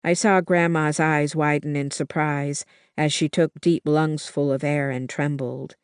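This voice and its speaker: Measured audiobook narrator, unhurried, dry close sound. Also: medium pitch, flat delivery, smooth, no room sound. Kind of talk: first-person novel narration.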